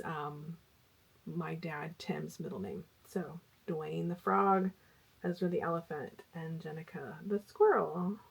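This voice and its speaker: A woman's voice: fairly low pitch, husky. A middle-aged woman vlogging about crochet in a chatty, rambling way with fillers. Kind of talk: casual chat.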